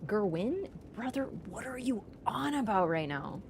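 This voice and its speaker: A woman livestreamer in casual chat, animated and teasing toward viewers and swearing casually. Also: medium pitch, measured pace, vocal fry, background noise.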